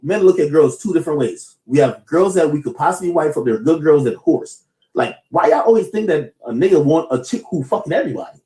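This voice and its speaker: A man's voice: fairly high pitch, animated, fairly quick, mellow, echoey room, low-quality recording. A man on a livestream telling a personal story in a rambling, stammering, defensive way.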